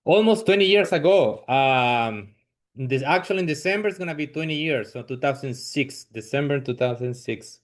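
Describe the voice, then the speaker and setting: A man with a Chilean accent chats in English, his second language, as a guest on a podcast. His voice sits at an ordinary middle pitch. He talks in an easygoing, informal way and laughs readily. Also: expressive, normal speed. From southern Chile. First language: Spanish. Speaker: guest comedian. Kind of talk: casual podcast chat.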